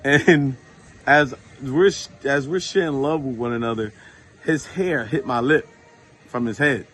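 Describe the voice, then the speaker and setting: Man, casual testimony, animated retold dialogue, relaxed fillers. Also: mid-range voice, unhurried, slight background noise. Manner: informal, animated when retelling dialogue, many fillers. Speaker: Christian storyteller. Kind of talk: casual testimony to a phone camera.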